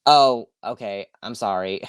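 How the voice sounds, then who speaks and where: A man's voice: lowish voice, unhurried, smooth, no echo, studio quality. A man from Long Island hosting a podcast alone, ranting casually, swearing freely, sighing and correcting himself as he goes. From Long Island, New York. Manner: rambling, swearing, self-correcting, with sighs. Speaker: podcast host. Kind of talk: casual solo podcast rant.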